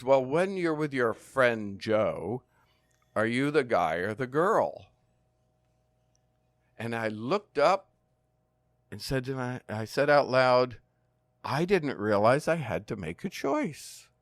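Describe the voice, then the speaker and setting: A man in his sixties telling stories as a podcast guest, calm and measured, with dry humor. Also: mid-range voice, no room sound. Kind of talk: storytelling interview.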